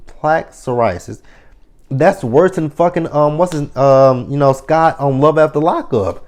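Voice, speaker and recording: A man's voice: mid-range voice, a little slow, pauses often, a little mellow. A man in his thirties casually recapping a TV episode, chatty and profane, laughing often. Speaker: TV episode reviewer.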